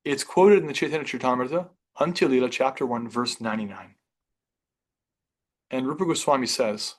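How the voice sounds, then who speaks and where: A man leading a scripture class, reading passages aloud and explaining them in a reflective, conversational way, with restarts and softer asides. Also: medium pitch, expressive, moderate pace.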